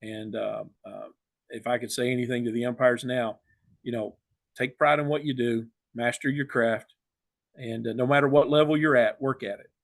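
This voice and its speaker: An older man, a retired umpire, talking reflectively in a casual interview, with many pauses and fillers. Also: mid-range voice, fairly even intonation, creaky, dry recording, clean studio sound.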